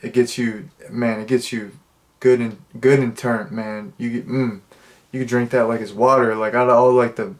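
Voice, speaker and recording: A man's voice: medium pitch, little pitch movement, moderate pace. Laid-back rambling young man. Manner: rambling and laid-back, with many "like" fillers and restarts. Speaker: movie reviewer. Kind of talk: casual spoken film review. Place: dimly lit room indoors.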